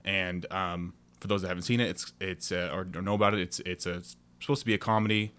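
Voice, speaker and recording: Bright-voiced, rambling podcast guest. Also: male voice, deep voice, fairly even intonation, fast talker, clean tone. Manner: rambling, hesitant, lots of ums. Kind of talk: casual podcast chat.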